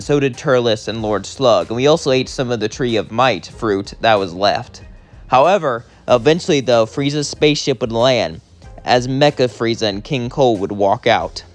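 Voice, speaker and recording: Chatty young man narrating a fan story. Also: medium pitch. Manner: casual, chatty, often quiet.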